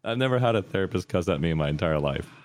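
A man's voice: deep voice, expressive, racing, no room sound. A young adult man telling a personal story in a casual, candid and rambling way, full of fillers and restarts.

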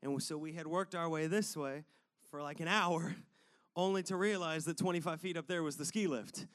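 A man telling a personal story to a live audience in a sermon-style talk, animated and conversational with loose filler words. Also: a little high, moderate pace. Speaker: speaker addressing an audience.

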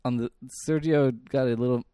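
A man's voice: mid-range voice, fairly even intonation, fairly quick, warm tone, smooth, dry recording, clean studio sound. A young man hosting a podcast in casual chat, with self-deprecating, rambling talk. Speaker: podcast host.

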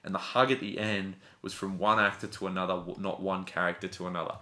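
A man chatting casually and retelling a scene with lively acted-out quotes. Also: sits low, quick pace, roomy sound. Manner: animated storyteller, acts out quotes. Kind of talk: casual podcast chat.

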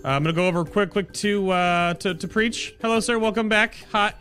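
A man's voice: high voice, fairly quick, a bit bright. A man hosting a podcast in casual chat, rambling and chatty, often restarting his sentences. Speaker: podcast host. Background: background music.

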